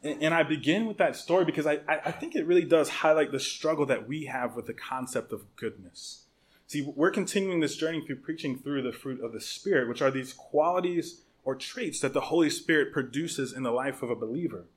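A man preaching a sermon as pastor, telling stories in an animated, humorous way with conversational restarts and repeated words. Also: fairly high pitch, a little fast.

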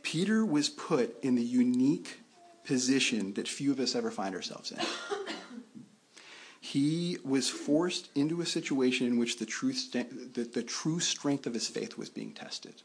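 A man's voice: mid-range voice, lively intonation, unhurried, slight background noise. A man preaching a sermon in a conversational way, often restarting his sentences. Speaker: pastor.

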